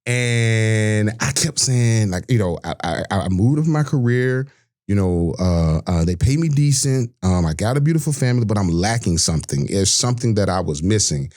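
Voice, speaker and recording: A man's voice: fairly low pitch, expressive, normal speed, darkish tone. Man, 40s, earnest, reflective, restarts his sentences. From Georgia, US. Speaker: podcast guest, sports broadcaster. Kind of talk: candid personal storytelling.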